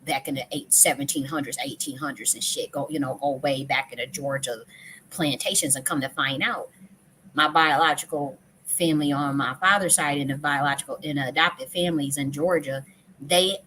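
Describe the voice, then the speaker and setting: A woman's voice: low-pitched, a bit bright, slight background noise. A woman hosting a live stream, telling a personal story in a casual, emotional way, swearing often and restarting her sentences. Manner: emotional, profane, frequent restarts and repetitions.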